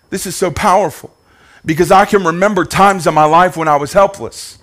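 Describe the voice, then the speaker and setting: A man's voice: high-pitched, fairly quick, a bit bright. A male pastor preaching a sermon with fervent energy, a sing-song cadence and repeated phrases, calling out to the congregation. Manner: calls out to the congregation.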